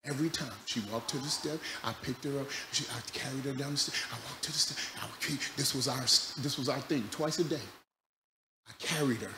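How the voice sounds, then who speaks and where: A man preaching a sermon as a pastor, telling a story that swings from loud, laughing bursts to quiet, low passages. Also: fairly quick. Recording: echoey room with loud background noise.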